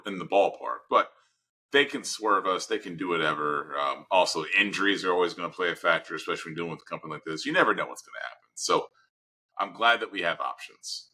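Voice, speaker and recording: A man co-hosting a casual podcast talks through his opinions in long, rambling turns with restarts. His low voice is bright, forceful, and husky, and the recording quality is poor.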